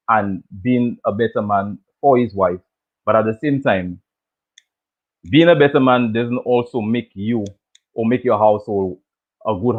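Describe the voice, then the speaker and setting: A man hosting a casual chat that recaps a TV show, talking loosely, repeating himself and laughing often. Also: on the low side. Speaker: show host. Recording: tinny phone-like audio.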